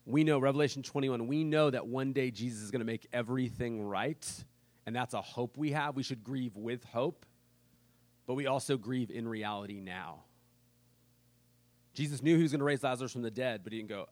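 A man preaching a sermon as pastor, earnest and conversational, moving between loud emphatic bursts and soft, quiet reading. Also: medium pitch, brisk, no room sound.

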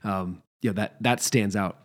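A man with a very deep voice talks over Bible passages in a casual, reflective way. He backs up and restarts often as he works through his thoughts. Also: fairly even intonation, a little slow. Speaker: co-host in a pastoral discussion. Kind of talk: casual theological discussion.

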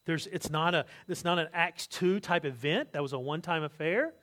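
A man preaching a sermon, telling stories with lively asides and jokes, acting out other people's words. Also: fairly high pitch, moderate pace. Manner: animated storytelling, acts out quotes, asides and jokes. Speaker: pastor.

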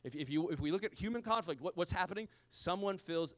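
A middle-aged pastor is preaching, and he's an expressive, fast talker. His style is casual and slangy, shifting between booming emphasis and soft, low-spoken lines.

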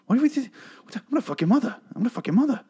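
A man putting on a mock tough-guy impression, yelling insults in a high, strained voice. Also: big pitch swings, racing, slightly rough, heavily acted. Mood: incredulous ranting. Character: brash foul-mouthed man ranting, mock impression.

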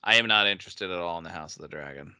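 A man's voice: low-pitched, rapid-fire, bright, forceful tone, clean tone, no echo. A man co-hosting a casual chat, chatty and enthusiastic, laughing often. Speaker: podcast co-host.

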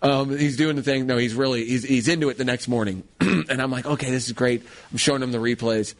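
A male talk show co-host telling a story in a loose, rambling way, full of restarts. His voice sits at a middle pitch, and his manner is animated and chatty. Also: fast. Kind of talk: casual chat.

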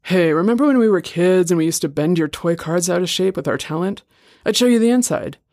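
A man voicing a troubled, slurring older brother who rambles between soft and loud. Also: sits high, lively intonation, brisk, dry recording, clean studio sound, voice pushed up. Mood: rambling.

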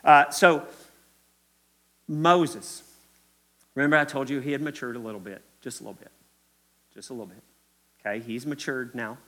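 Kentucky pastor preaching with emphatic repetition. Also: male voice, mid-range voice, fairly even intonation, normal speed, long pauses, pushed and bright. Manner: emphatic, repetitive, addresses the congregation directly. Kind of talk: sermon. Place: church.

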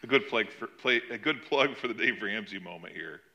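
A middle-aged man preaching a sermon, telling the story with animated swings between loud emphasis and quiet asides. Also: fairly low pitch, a little fast, dull audio. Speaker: pastor.

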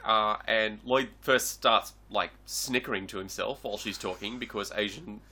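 A man's voice: fairly low pitch, moderate pace, bright, forceful tone. A man co-hosting a podcast, dryly recounting film scenes in casual chat. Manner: dry, recounts scenes in acted quotes. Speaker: podcast co-host. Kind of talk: casual movie review chat.

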